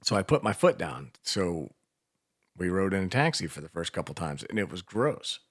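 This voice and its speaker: An older man from Washington, D.C., co-hosts a radio show, his low, husky voice very animated at a normal speed. He spins rambling, profanity-laced stories during casual banter, captured in clean studio sound with no room echo.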